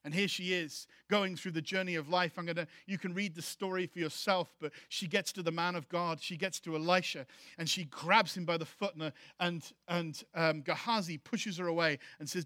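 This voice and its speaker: A male pastor delivers an emphatic sermon, repeating key phrases to drive them home. His voice sits high and rings very bright. The sound is close and dry, with faint music underneath. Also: steady tone, normal speed, no room sound.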